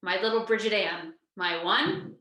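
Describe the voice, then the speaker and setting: A woman in her thirties telling a humorous personal story on stage, lively and acting out the dialogue with quick asides. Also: mid-range voice. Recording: echoey room sound.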